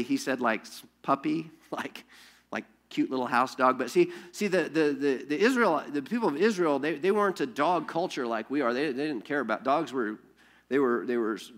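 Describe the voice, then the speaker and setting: Man, pastor, sermon, animated storytelling, rhetorical questions, slightly high voice. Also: moderate pace.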